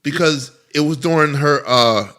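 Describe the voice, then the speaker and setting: A man's voice: a little high, normal speed, sharp tone. A man co-hosting a podcast in casual chat, blunt and profane as he tells a story. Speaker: podcast co-host.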